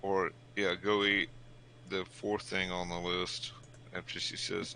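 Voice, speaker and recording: Low gravelly guy hanging out in voice chat, slow and easy, laughs a lot. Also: little pitch movement, pushed and bright, low-quality recording. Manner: laughs often, joking. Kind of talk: casual voice chat.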